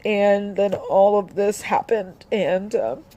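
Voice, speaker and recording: A young woman talking about her grief in a personal vlog, halting, with many restarts and fillers. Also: mid-range voice, fairly even intonation, warm tone. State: grieving, voice dropping soft. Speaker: vlogger.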